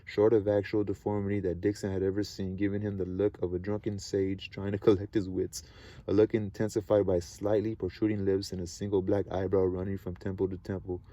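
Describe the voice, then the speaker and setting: Low flat-voiced man reading aloud. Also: no room sound. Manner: halting reading with restarts and stumbles; chatty asides between passages. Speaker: amateur reader. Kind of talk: casual read-aloud of a novel.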